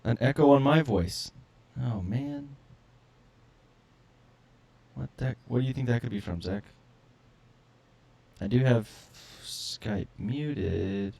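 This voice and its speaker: A man's voice: medium pitch, takes it slowly, vocal fry, long pauses, a little mellow. A man co-hosting a live podcast stream, fumbling with his audio setup while joking and sounding exasperated. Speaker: podcast co-host. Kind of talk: casual live-stream chat.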